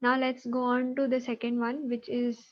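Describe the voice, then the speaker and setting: A woman with an Indian English accent teaches an online class, explaining steps patiently and often checking whether her students follow. Her voice sits fairly high. The sound is dull and lo-fi, like video call audio. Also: little pitch movement, moderate pace. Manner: patient, explanatory, checks understanding with tag questions.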